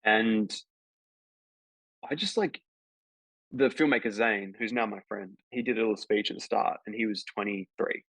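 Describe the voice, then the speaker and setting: Chatting casually on a podcast, an actor spins a long, filler-heavy, rambling story at a moderate pace with long pauses. His gravelly low voice has a fairly bright tone. There's no echo in the dull, dry lo-fi sound.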